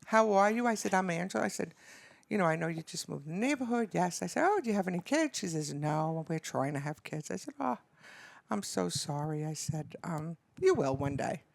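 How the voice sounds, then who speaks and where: An older woman, a grandmother, chatting as a podcast guest and telling stories with lively acted-out dialogue. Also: on the low side, moderate pace, creaky, no echo. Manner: animated storyteller acting out both sides of conversations. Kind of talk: casual chat and storytelling.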